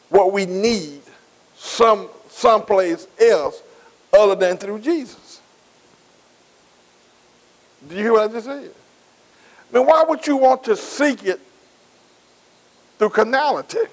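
This pastor speaks in a high voice, posing rhetorical question after rhetorical question and repeating words as the sermon builds. His call-and-response preaching comes through on poor audio.

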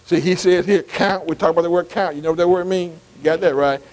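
High-voiced older preacher, call-and-response. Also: male voice, fairly even intonation, fast, darkish tone, low-quality recording. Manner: repetitive call-and-response, many "see" and "amen" asides. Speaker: pastor. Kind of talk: bible study sermon.

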